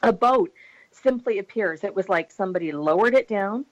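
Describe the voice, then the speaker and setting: A middle-aged woman telling a story in a casual interview, animated and laughing often. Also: medium pitch, normal speed, poor audio. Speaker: podcast guest.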